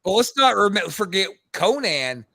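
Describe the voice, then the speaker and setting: A man's voice: sits high, very animated, a little slow, creaky, sharp tone. A man, a podcast co-host, animatedly telling a wrestling story on a call and acting out the quotes, swearing freely. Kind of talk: casual storytelling on a video call.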